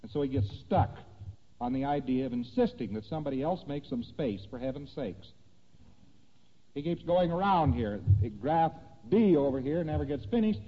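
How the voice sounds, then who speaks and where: A man giving a lecture, talking through diagrams in a conversational, animated way and checking that listeners follow. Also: fairly high pitch, moderate pace. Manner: conversational, animated, asking "see that?". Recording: dull lo-fi recording in a reverberant hall.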